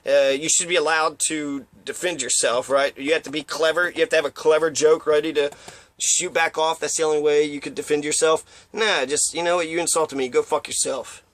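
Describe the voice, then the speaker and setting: Guy ranting casually and swearing a lot, kinda high voice, dry close sound. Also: steady tone, a little fast, a bit bright, no echo. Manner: rambling, profane, acts out quotes in mocking voices. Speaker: commentator. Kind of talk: casual opinion monologue.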